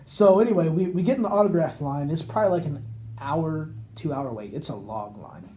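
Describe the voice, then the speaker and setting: Talking a little fast in a voice on the high side, this podcast co-host winds through a lengthy, laid-back story, voicing each character with animated quotes. A little hiss or hum sits under the recording.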